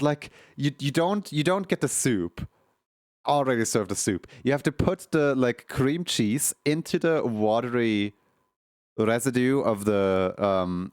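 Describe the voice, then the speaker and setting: A man's voice: lowish voice, no room sound, studio quality. A man streaming, telling a long rambling story in casual chat, full of fillers, restarts and laughs at his own jokes.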